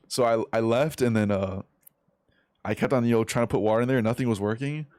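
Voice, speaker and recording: A man's voice: mid-range voice, quick pace, darkish tone, no room sound, studio quality. A young man chatting casually on a live game stream, telling a rambling story full of slang and swearing. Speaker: streamer and competitive gamer.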